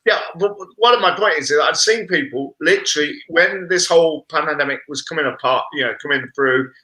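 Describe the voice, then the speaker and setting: A man's voice: on the high side, a little fast, bright, forceful tone, rough recording. A man on a video-call business chat, talking earnestly in a speechmaking way with frequent restarts. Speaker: panellist on a business chat show. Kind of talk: casual panel discussion.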